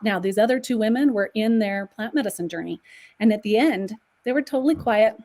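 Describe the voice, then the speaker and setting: A woman guest on a podcast, telling stories in an animated way. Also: mid-range voice, a little fast. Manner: animated storyteller. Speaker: guest numerologist. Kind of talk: podcast conversation.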